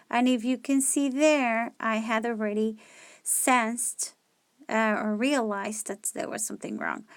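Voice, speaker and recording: Teacher lady going thru grammar questions out loud, kinda high voice, unhurried, dry close tablet mic. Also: steady tone, smooth, no room sound. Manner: reasons aloud, rereads sentences, corrects herself. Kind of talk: thinking-aloud grammar test walkthrough. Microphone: screen-recording mic on a tablet.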